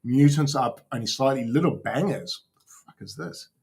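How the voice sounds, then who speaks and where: A man's voice: medium pitch, expressive, moderate pace, creaky, a little mellow. A man hosting a casual crypto livestream, swearing freely and talking to his chat as he browses.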